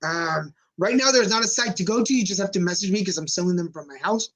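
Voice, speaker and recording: A man's voice: high voice, a bit bright, poor audio. Easygoing man co-hosting a talk show. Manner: easygoing, slows down when promoting. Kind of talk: casual chat. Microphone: livestream setup.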